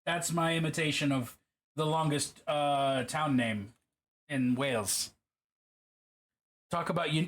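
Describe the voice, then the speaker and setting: A man streaming casually as he paints a miniature, rambling and self-deprecating, with halting restarts. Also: a little high, expressive, a bit bright.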